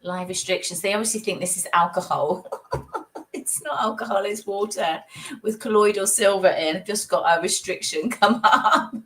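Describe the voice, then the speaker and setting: A British woman, her voice croaky from a cold coming on, hosts a live stream as a psychic. She chats casually, greets viewers by name and laughs a lot. Her voice sits lowish but has a fairly bright tone.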